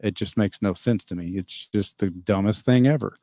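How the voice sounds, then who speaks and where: Rambling opinionated man with a dark voice. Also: lowish voice, normal speed, no room sound, clean studio sound. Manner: rambling, opinionated, chuckles often. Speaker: livestream host reading chat. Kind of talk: casual livestream chat.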